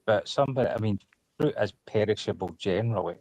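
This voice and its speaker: A man's voice: on the low side, fast, mellow, no echo, rough recording. A man in casual group chat, chatty and laughing as he retells a comedy scene. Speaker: chat participant.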